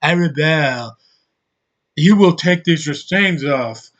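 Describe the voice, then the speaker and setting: A man's voice: a little high, lively intonation, slow, fairly bright tone, muffled recording. A man putting on an exaggerated to mimic posh movie characters, rising to a squeal. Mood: mocking. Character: mocking shrill posh British movie heroes.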